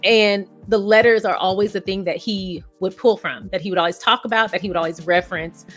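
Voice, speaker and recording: A woman's voice: medium pitch, fairly even intonation, fairly quick, a bit bright, soft background music. A woman vlogger giving casual, effusive reaction commentary, chatty and laughing often.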